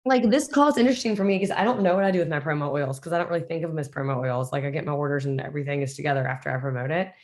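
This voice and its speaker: A woman's voice: sits low, racing, hardly any pauses, a little mellow. A woman chatting casually on a group business call, rambling and joking. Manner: chatty, rambling, uses y'all.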